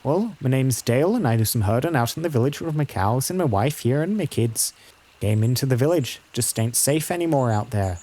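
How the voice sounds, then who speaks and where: A man's voice: medium pitch, expressive, a little fast, mellow, close to an everyday voice. A gloomy country herder from a fantasy game who rambles in folksy, ungrammatical talk, as a man plays him. He sounds close to an everyday man's voice. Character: rustic middle-aged male cattle herder, gloomy.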